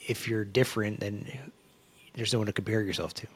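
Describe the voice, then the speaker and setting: A man co-hosting a casual podcast, telling stories in a relaxed way and checking in with his listener. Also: on the low side, brisk, husky, no echo. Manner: storytelling, relaxed, checks in with "right?". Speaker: podcast co-host.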